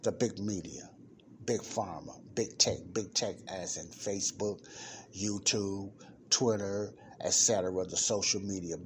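A man's voice: deep voice, steady tone, unhurried, a little hiss or hum. A man hosting a podcast, reading an article aloud in casual commentary and repeating the numbers for emphasis. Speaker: podcast host.

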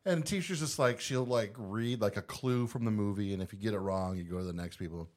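A man guesting on a casual podcast, telling excited childhood stories with laughter and impersonated quotes. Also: lowish voice, fast talker.

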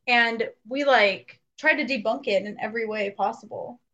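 A woman's voice: on the high side, normal speed. A young adult woman co-hosting a podcast, telling a story in casual chat and acting out the quotes. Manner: animated, acts out quotes. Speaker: podcast co-host. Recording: dull lo-fi recording.

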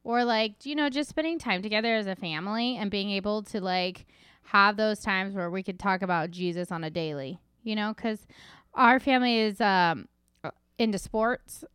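A chatty woman in her thirties talking casually on a faith podcast. Her voice is smooth and resonant, recorded close and dry with no room sound. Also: mid-range voice, moderate pace, fairly bright tone, no room sound. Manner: chatty, many fillers like "like" and "you know". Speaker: podcast co-host.

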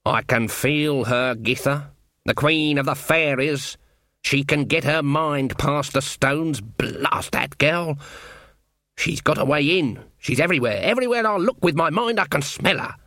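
A man's voice: a little high, normal speed, sharp tone, no echo, clean studio sound, voice pushed up. A man voicing a stern proud old witch. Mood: uneasy. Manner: firm, curt, commanding. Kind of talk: audiobook reading.

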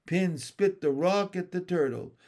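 Slow, calm male storybook reader. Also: sits high. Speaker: audiobook reader. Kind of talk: storybook narration.

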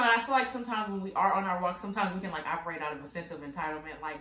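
Woman host for a casual faith podcast, low-ish voice, chatty with lots of "like", recorded in an echoey room. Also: animated, rapid-fire, pushed and bright. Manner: chatty, says "like" often. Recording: echoey room, mic at a distance.

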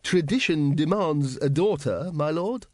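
A man's voice: on the high side, lively intonation, measured pace, no room sound, studio quality, pitched above the performer's own voice. A man voicing a nervous, fawning male city secretary who answers with precise deference in an audiobook. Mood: deferential. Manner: deferential, precise, keeps saying my lord. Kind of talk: audiobook character voice.

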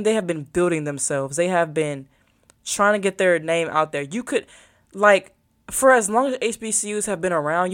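Rambling young woman vlogger. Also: fairly low pitch. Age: young adult. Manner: chatty and rambling, thinks aloud while searching her phone. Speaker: college student vlogger. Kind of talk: casual vlog chat to viewers.

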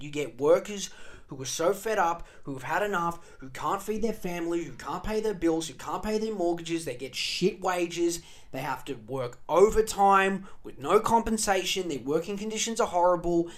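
An Australian man hosting a podcast, ranting angrily and sarcastically with heavy profanity. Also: on the high side. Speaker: podcast host. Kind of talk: ranting monologue.

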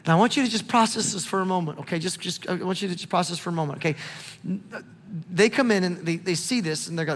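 A male pastor preaches in a lively, chatty way, his voice sitting high for a man. The sound carries a long hall reverb around it. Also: fast talker. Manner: animated, conversational preaching with repeated calls to look. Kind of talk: sermon.

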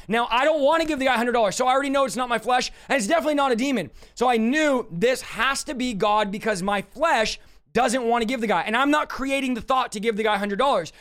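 A man's voice: extremely high pitch, fast, fairly bright tone. A young man preaching a sermon directly to his listeners, with an emphatic manner. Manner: emphatic, direct, addresses listeners as "you guys".

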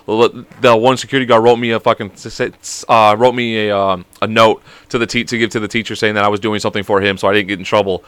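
A young man hosting a podcast, telling a story in a rambling, animated way full of swearing. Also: fairly low pitch, fast, few pauses, smooth, no room sound. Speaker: podcast host. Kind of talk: casual storytelling. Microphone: podcast mic.

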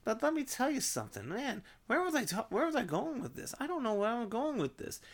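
A man rambling in a casual vlog monologue, swearing and cutting himself off, in an unusually high, strained voice. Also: wildly swooping pitch, a little fast. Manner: rambling, swearing, self-interrupting. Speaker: vlogger.

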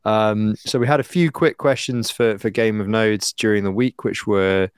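A man hosting a podcast with a slightly low voice, steering the talk with wry, teasing jokes. The recording sounds dry and close. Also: fairly even intonation, moderate pace, smooth, dry recording. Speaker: podcast host. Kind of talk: casual chat.

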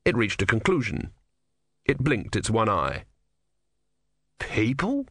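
A man narrating a comic novel as an audiobook, with wry, expressive storytelling. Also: on the low side, normal speed, creaky, slightly rough, no echo, clean studio sound. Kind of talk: scripted narration.

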